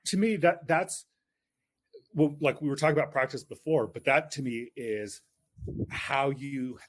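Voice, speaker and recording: A man in his late forties, a guest on a podcast, talking earnestly and reflectively in casual conversation. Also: mid-range voice. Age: late 40s. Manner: earnest, reflective, often agrees.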